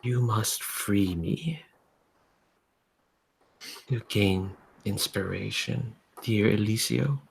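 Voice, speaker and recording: A man voicing a spirit trapped in a cathedral, who coaxes the listener softly and slowly. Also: lowish voice, gravelly, slight background noise, full character voice. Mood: coaxing. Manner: soft, slow, sweet-talking.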